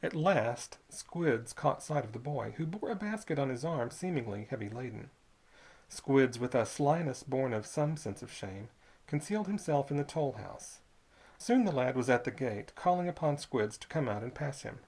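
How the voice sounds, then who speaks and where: Lively storybook narrator. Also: mid-range voice, breathy edge. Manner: measured, expressive storytelling. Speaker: audiobook reader.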